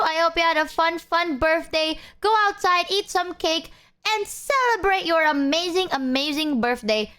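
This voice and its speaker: A woman's voice: very high-pitched, lively intonation, moderate pace, pushed and bright. A young woman streamer chatting casually with her viewers, swearing freely and sometimes talking while she eats. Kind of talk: casual live-stream chat.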